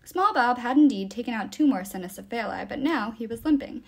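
A woman reading a novel aloud to listeners. Her voice is fairly high and moves a lot in pitch. She tells the story expressively. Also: animated, brisk, vocal fry, slightly rough. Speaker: reader.

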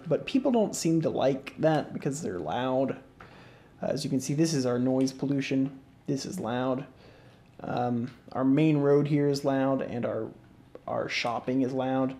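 A man hosting a casual let's-play, talking through his moves in a relaxed, rambling way with lots of fillers and restarts, yawning and sleepy. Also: mid-range voice. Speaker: gaming channel host. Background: faint game music.

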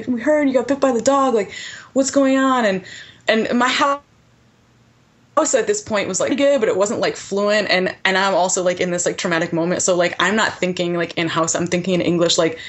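A woman in her thirties with a somewhat low voice tells a personal story to a podcast host. She talks in an animated, lively way and fills her sentences with "like.". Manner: animated, heavy use of "like" fillers. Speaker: podcast guest.

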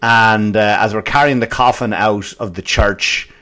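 An Irish man from Ireland hosting a comedy podcast, telling stories as a profane rant that swings from loud bursts to muttered asides. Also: on the low side, steady tone, unhurried. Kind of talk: comic storytelling rant.

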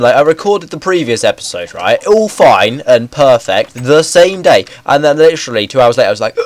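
A young man with a cold, sounding hoarse and congested, rambling through casual game commentary on a headset mic with self-mocking, excitable asides. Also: medium pitch, brisk, few pauses, no echo. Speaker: gaming video host.

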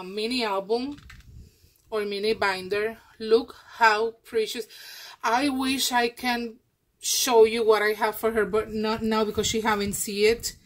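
A woman vlogger unboxing craft mail, gushing and effusive, with halting speech and many restarts. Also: a little high, poor audio. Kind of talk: casual happy-mail unboxing.

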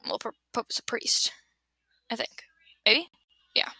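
A woman's voice: on the high side, very animated, slow, vocal fry, long pauses, bright, forceful tone, husky, no room sound, whispered. A young woman rambling casually to her webcam at home, giggling, losing her train of thought and restarting. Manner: giggly, scatterbrained, trails off and restarts. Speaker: vlogger answering would-you-rather questions. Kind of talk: casual rambling chat to camera. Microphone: built-in computer webcam mic.

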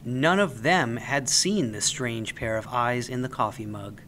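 A man reading a children's story aloud as the storyteller, with an expressive, animated delivery. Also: medium pitch, measured pace, slight background noise.

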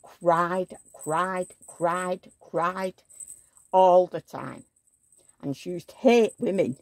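On her vlog, an older woman with a lowish voice and drawn-out words tells rambling, chatty stories full of asides. The sound is clean studio quality with no echo.

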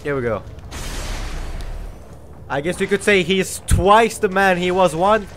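A man's voice: high voice, measured pace, background noise. A man who has a cold, giving live gameplay commentary in a giddy, joking way and swearing often. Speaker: streamer.

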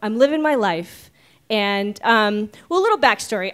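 A woman's voice: medium pitch, lively intonation, normal speed, hardly any pauses, a bit bright. A woman in her forties from Oregon telling a personal story live on stage, chatty and self-mocking, with many ums. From Oregon, United States. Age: 40s.

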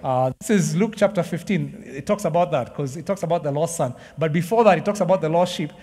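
Passionate high-voiced male preacher. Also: brisk, a little mellow, big-room sound. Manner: passionate, emphatic, addresses crowd as "guys". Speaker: pastor. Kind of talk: sermon. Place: church hall.

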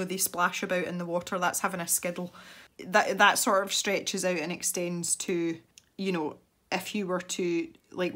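Chatty Scottish woman, lowish voice. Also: a bit bright. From Scotland. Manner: chatty, thinks aloud, rambling asides. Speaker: art channel host. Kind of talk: casual chat while painting.

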